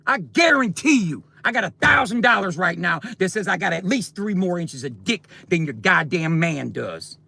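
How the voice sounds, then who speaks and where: A man's voice: high-pitched, lively intonation, moderate pace, gravelly, few pauses, bright, forceful tone, slight background noise. A man ranting on a livestream, taunting and confronting his viewers directly in a coarse, profane way.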